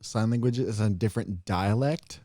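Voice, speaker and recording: Playful male podcast co-host, mellow and low, dry sound. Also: moderate pace, dry recording. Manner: joking, playful. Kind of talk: casual chat.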